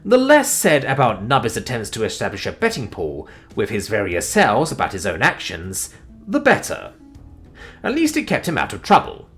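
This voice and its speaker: A man narrating a sci-fi war story in an animated, expressive way, with sudden swings in pitch and loudness. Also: moderate pace, faint music behind.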